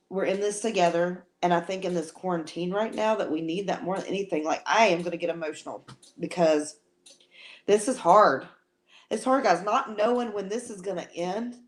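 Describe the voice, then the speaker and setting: A woman's voice: medium pitch, fairly bright tone. A middle-aged woman co-hosting a live chat, talking in a heartfelt way that repeats phrases, with playful teasing. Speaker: co-host.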